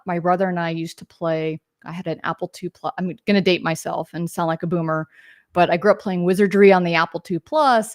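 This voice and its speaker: With a voice on the low side and no echo in the studio-quality audio, a woman in her forties guests on a podcast. She works in games marketing and chats about her career in loose interview storytelling, wandering off on tangents and using fillers.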